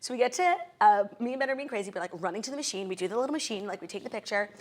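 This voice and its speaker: A woman's voice: medium pitch, animated. A young woman, a comedian and podcast co-host, telling a casual anecdote with lots of "like" fillers. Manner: fast, chatty anecdote-telling full of filler "like". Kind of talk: casual chat, storytelling.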